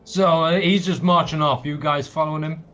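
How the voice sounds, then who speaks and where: A man's voice: a little high, fairly even intonation, normal speed, fairly bright tone, soft background music. A man narrating a tabletop game as game master, casual and peppered with swearing and fillers, on a dull lo-fi mic.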